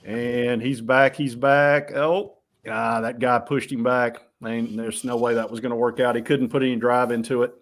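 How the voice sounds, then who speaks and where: A man hosting a casual live sports talk stream, talking in a relaxed, rambling way with frequent restarts. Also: medium pitch, moderate pace, hardly any pauses. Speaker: host.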